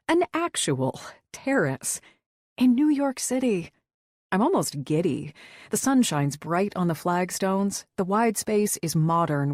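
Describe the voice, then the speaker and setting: Female first-person audiobook narrator, lightly amused. Lowish voice, dry close recording. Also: a little mellow, dry recording.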